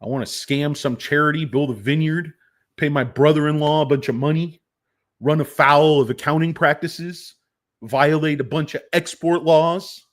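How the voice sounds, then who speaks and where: A man's voice: on the high side, steady tone, moderate pace. A man giving casual stock market commentary, rambling, joking and swearing as he goes. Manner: rambling, jokey, profane.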